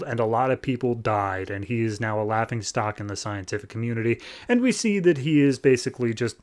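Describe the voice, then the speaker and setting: A man's voice: mid-range voice, darkish tone. A man hosting a podcast, casually recapping a comic book in a wry, sarcastic way. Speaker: podcast host reviewing comics.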